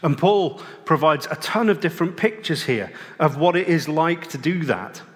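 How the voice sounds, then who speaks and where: A man preaching a sermon in a plain-spoken, conversational way, pausing and restarting now and then. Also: fairly high pitch, lively intonation. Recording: long reverb of a large hall.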